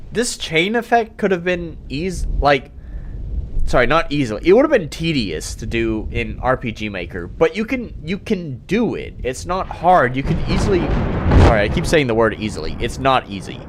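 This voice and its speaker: A man's voice: a little high, very animated, moderate pace, slight background noise. A man streaming a game, giving casual gaming commentary while swearing and laughing at how janky it is.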